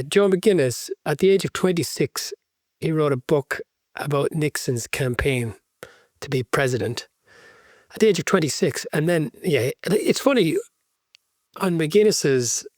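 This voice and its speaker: A man's voice: fairly high pitch, animated, measured pace, a little mellow, no room sound, clean studio sound. Earnest, enthusiastic male podcast co-host. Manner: enthusiastic, earnest, thinks aloud with restarts. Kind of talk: casual book-club chat.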